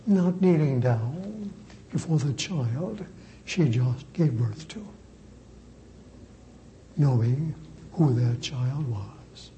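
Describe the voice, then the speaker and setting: A priest delivers a sermon in a deliberate, emphatic way, repeating words to drive them home. His voice is very dark and mellow, and he speaks very slowly. A faint hiss sits under the recording. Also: mid-range voice, lively intonation, poor audio. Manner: slow, emphatic preaching with deliberate repetition.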